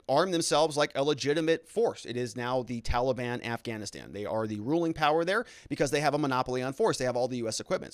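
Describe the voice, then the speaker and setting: A man's voice: medium pitch, clear, resonant tone, no room sound, studio quality. A man hosting a live-stream show, reading viewer comments aloud and answering them in a chatty, unscripted way with frequent restarts.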